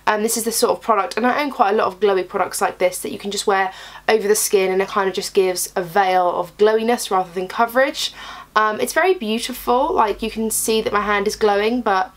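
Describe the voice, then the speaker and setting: A young woman with a raspy, hoarse voice from a cold, chatting casually through a beauty box review. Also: medium pitch, a little fast. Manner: chatty, rambling, candid. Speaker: beauty vlogger.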